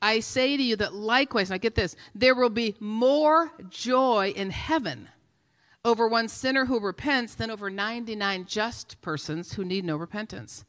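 A middle-aged woman preaching a sermon as guest pastor, telling stories and acting out scenes, at times shouting. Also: on the high side, normal speed. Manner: storytelling, acts out scenes, rising to shouting. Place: large church hall. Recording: long hall reverb.

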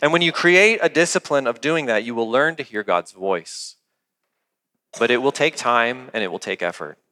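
A man's voice: medium pitch, expressive, normal speed, bright, forceful tone. A young adult man preaching a sermon as a pastor, earnest and conversational, often asking the congregation questions. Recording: long hall reverb.

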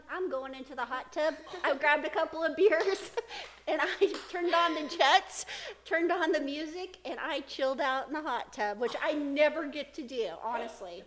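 Middle-aged mom on a podcast, high voice, rambly stories, laughs a lot. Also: female voice, fairly bright tone, a little hiss or hum. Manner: chatty storytelling, frequent laughter. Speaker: podcast co-host, mother. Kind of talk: casual chat.

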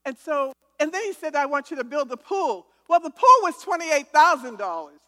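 A woman's voice: high voice, big pitch swings, moderate pace, fairly bright tone. A woman giving an emphatic testimony sermon, calling for responses from listeners and often restarting words. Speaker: testimony speaker. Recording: hall reverb.

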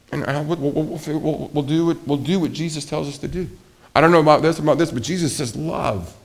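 A man preaching a sermon as pastor, speaking conversationally, asking the congregation questions and acting out quoted voices. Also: a little high.

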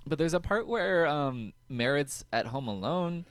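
A man's voice: a little high, animated, measured pace, dry recording. A man co-hosting a podcast, chatting casually and jokingly about an episode, laughing often and acting out quotes. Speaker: podcast co-host. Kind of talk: casual recap chat.

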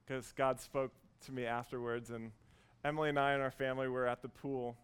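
A man in his thirties preaching a sermon, earnest and warm as he tells a story, with frequent restarts. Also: mid-range voice, flat delivery, fairly quick, smooth. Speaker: pastor.

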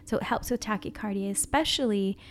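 A woman co-hosting a casual podcast, explaining herbs and her products, often dropping to a soft near-whisper. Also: mid-range voice, fairly quick. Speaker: podcast co-host, herbalist.

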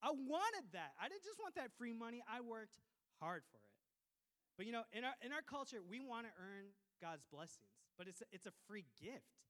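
A pastor from Minnesota preaching a sermon, lively and joking, with quick asides to the congregation. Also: male voice, very high voice. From Minnesota, USA.

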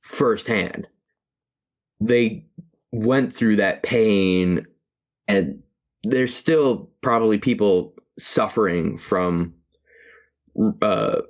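A man co-hosting a podcast, reviewing a movie in casual chat, halting with many fillers and restarts. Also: lowish voice. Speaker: podcast co-host.

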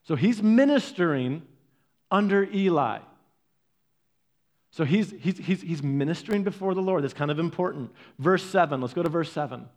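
A male pastor delivering a sermon in a relaxed, conversational manner. His speaking voice sits high for a man. He often restarts and repeats words, and he moves into lively storytelling. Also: moderate pace. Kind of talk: preaching a sermon.

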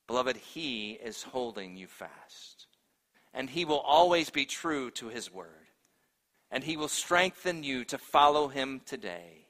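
A male pastor preaching a sermon, earnest and emphatic, moving between forceful proclamation and gentle appeal to his congregation. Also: mid-range voice, expressive, takes it slowly, in a large hall.

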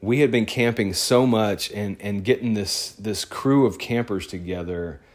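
A man, a photographer, telling a personal story in a casual, rambling, excitable way. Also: on the low side, unhurried.

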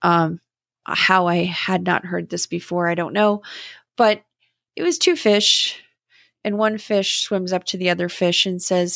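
A middle-aged woman hosting a podcast, speaking in a slow, gentle and contemplative way about spiritual growth. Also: lowish voice, creaky, no room sound, studio quality. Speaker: podcast host. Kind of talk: reflective spiritual talk.

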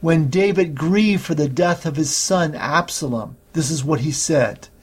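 A man preaching a sermon, teaching slowly and steadily through Bible passages. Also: fairly high pitch, breathy edge. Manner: slow, measured Bible teaching with scripture readings.

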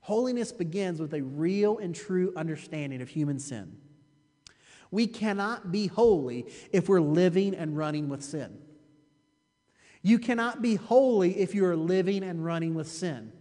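A man's voice: high-pitched, expressive, unhurried, mellow, long reverb tail. A man preaching a sermon as pastor, emphatic and repeating his phrases for weight, often turning to the listeners with a rhetorical "you see.".

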